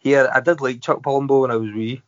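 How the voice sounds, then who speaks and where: A man's voice: medium pitch, steady tone, quick pace, dry recording. A Scottish man hosting a casual podcast chat, teasing his guest and laughing often. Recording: dry, dull lo-fi audio.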